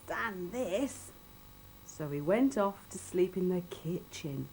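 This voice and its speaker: A woman reading a children's story aloud in an expressive, sing-song, playful way. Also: lowish voice, a little slow, slight background noise, low-quality recording.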